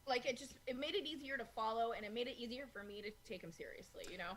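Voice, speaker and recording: A woman's voice: on the high side, lively intonation, fast, a bit bright, a little hiss or hum. A woman co-hosting a film podcast, talking casually with many filler words. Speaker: podcast co-host.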